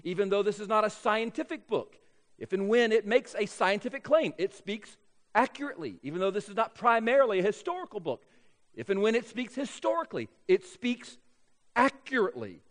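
A man's voice: sits high, sing-song. A man preaching a sermon as pastor, leaning hard on key words and drawing them out. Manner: emphatic, drawn-out key words. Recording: long reverb of a large hall.

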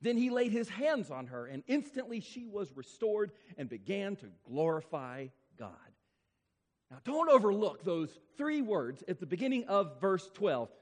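A man with a high voice preaches from the pulpit, hammering home repeated phrases and slowing right down on the words that matter. His pitch leaps and falls all through the sermon. The sound carries a long, ringing reverb from a large church hall. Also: very animated. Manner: emphatic, repetitive preaching with dramatic slowdowns. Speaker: pastor.

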